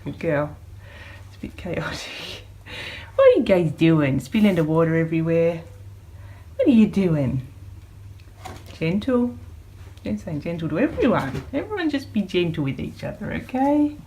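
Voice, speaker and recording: A woman vlogging at home, talking gently to her dog and rabbits in a coaxing voice that often rises into a soft high baby voice. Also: very animated, measured pace, long pauses, a little hiss or hum. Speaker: pet vlogger. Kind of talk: casual vlog talk to pets. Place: home room with pets.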